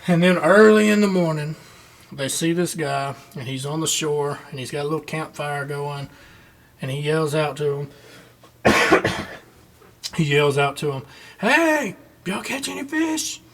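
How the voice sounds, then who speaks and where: A man's voice: fairly high pitch, fairly even intonation, unhurried, pauses often. A man teaching a children's Bible lesson, retelling the story in a folksy, conversational way.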